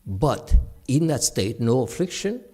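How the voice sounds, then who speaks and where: A middle-aged man giving a dharma talk with questions and answers, animated, laughing and acting out quoted voices. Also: medium pitch, measured pace. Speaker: meditation teacher.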